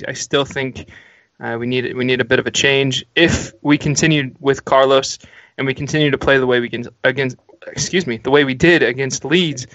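A man's voice: mid-range voice, a bit bright, dry recording, muffled recording. A man co-hosting a casual podcast, chatting and laughing easily while having a drink at home. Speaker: podcast co-host.

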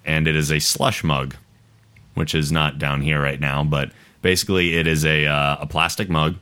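A man with a very low voice that still rings bright and forceful. He hosts a podcast in a loose, rambling, casual chat and laughs often. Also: level tone, normal speed, smooth. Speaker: podcast host.

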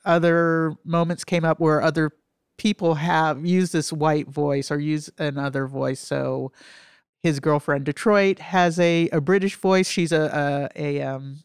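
A woman, a film critic and guest, talking over a film in a thoughtful, halting way with many fillers, her voice nasal from allergies. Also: low-pitched, clean tone, dry recording, clean studio sound. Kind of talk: conversational film discussion.

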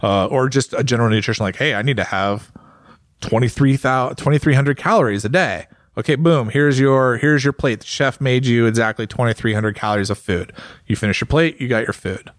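Co-host, male, easygoing rambler, fillers and restarts, medium pitch, dry close sound. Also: fairly quick, dry recording. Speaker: podcast co-host, motorcycle rider. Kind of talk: casual chat.

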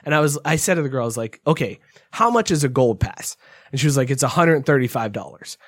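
A man's voice: mid-range voice, animated, fast talker, no echo, studio quality. A man telling a story in casual podcast chat, ranting heatedly with lots of swearing and acting out the people in it. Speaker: podcast co-host.

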